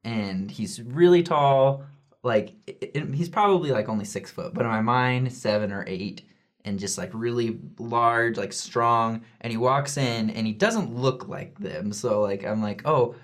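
Animated young man telling a story. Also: mid-range voice, a little slow. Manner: animated, acts out voices in quotes. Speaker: returned missionary. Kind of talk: casual storytelling.

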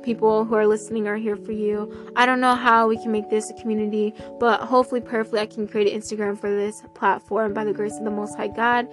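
A woman hosting a casual devotional podcast, reading scripture aloud in an excitable, effusive way and sprinkling in hallelujahs. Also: medium pitch, quick pace, hardly any pauses, over music.

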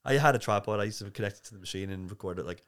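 An Australian man talks as a guest on a podcast, with lots of "like"s and restarts. His voice sits on the low side and he rattles along at a quick clip. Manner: chatty, rambling with many fillers and restarts. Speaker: podcast guest, barista and coffee creator. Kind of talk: casual interview chat.

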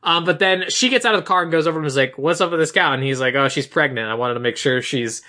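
A bright, forward-sounding man chats casually as he recaps a movie. He tells the story with energy and slips into the characters' lines as he goes. His pitch sits right in the middle for a man. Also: fast talker.

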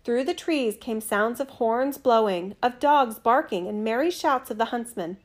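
A woman reading a fairy tale aloud in a gentle, measured, expressive storytelling manner. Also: a little high.

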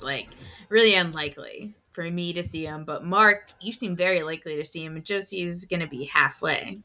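A woman's voice: on the low side, bright, forceful tone. A woman co-hosting a podcast in casual chat, talking in a chatty, rambling way full of fillers. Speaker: podcast co-host.

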